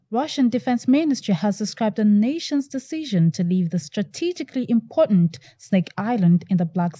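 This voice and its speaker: Woman news reporter, very dark mellow tone, dry muffled lo-fi recording, formal read. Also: medium pitch, no room sound. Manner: measured, formal delivery. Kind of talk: scripted news voice-over.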